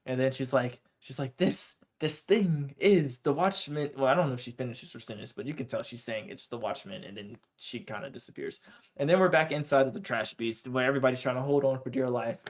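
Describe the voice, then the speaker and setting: A man's voice: medium pitch, a little fast. A man co-hosting a podcast, casually recapping an anime episode in loose, slangy storytelling and briefly acting out the characters' lines. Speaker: podcast co-host.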